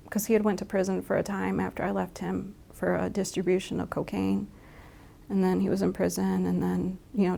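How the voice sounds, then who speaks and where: A middle-aged woman speaking candidly in an interview, halting and reflective, often restarting her sentences. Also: mid-range voice, vocal fry, dark tone. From Michigan.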